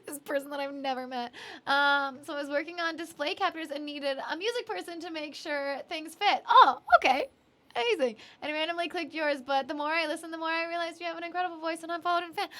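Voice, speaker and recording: A young woman from Canada talks to her live-stream viewers in a high, bright voice. She laughs often, apologizes a lot and fills her sentences with ums and likes. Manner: chatty, giggly, apologetic, lots of fillers. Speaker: streamer and singer-songwriter. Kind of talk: casual live-stream chat reading viewer comments.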